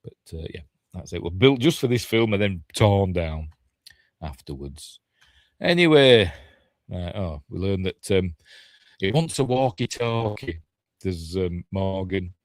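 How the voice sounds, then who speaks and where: A man's voice: sits low, expressive, a little slow, no echo, studio quality. A man with a Yorkshire accent giving a casual, rambling watch-along film commentary, thinking aloud and correcting himself as he goes. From Yorkshire, England. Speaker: film reviewer.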